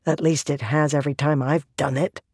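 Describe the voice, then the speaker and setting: A woman's voice: lowish voice, expressive, measured pace, no echo, studio quality. A woman voicing a tense, haunted young woman in a storybook reading. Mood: wry. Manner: tense, rising to shouts.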